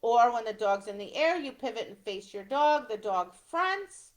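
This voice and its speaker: A woman's voice: fairly high pitch, expressive, moderate pace. A middle-aged woman teaching dog obedience trial rules step by step, often checking in with "right?". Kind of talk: instructional talk.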